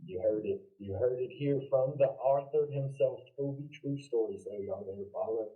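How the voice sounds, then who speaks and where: Excitable male podcast host, tinny sound. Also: medium pitch, moderate pace. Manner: excitable, laughs often. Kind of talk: casual podcast chat. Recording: tinny phone-like audio.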